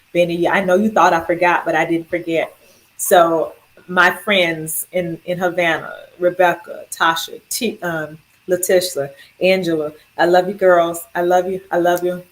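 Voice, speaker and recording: A woman's voice: lowish voice, poor audio. A woman sharing her cancer survival story, rambling through heartfelt thanks to family and friends. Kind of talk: personal video testimony.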